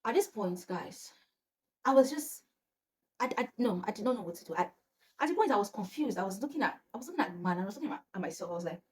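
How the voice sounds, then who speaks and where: A young woman, telling a personal story to camera in a casual, animated way and acting out the dialogue. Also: fast. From Nigeria. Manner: animated, acts out quotes with rising pitch, laughs between lines. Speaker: storytime vlogger.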